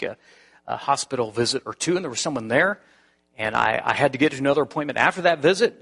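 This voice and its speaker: Bright-voiced preacher telling a story. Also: male voice, mid-range voice, vocal fry. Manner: animated storytelling with many restarts. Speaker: pastor. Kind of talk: sermon.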